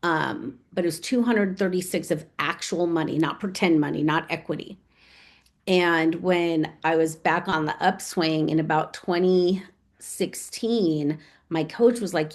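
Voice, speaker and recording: A woman's voice: low voice, unhurried. A middle-aged American woman, a real estate agent and author, telling stories in a casual interview and acting out remembered conversations. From United States. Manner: animated, acts out remembered dialogue.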